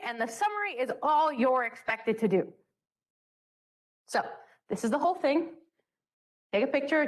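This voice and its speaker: A young woman leading a chemistry study session in a bubbly, joking way. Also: high voice. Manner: bubbly, joking, self-mocking. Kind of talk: classroom teaching.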